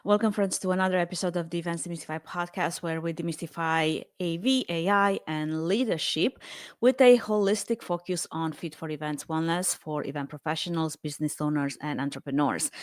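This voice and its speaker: A woman's voice: lowish voice, no room sound. Upbeat woman podcast host, dry sound. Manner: upbeat, laughs often while chatting. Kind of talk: podcast interview.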